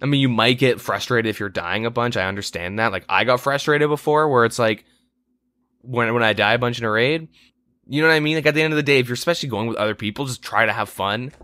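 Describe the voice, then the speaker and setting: A man's voice: medium pitch, fast talker, pushed and bright, dry recording, clean studio sound. A man co-hosting a casual gaming podcast, telling a long rambling story with lots of swearing and exasperated asides. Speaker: podcast co-host.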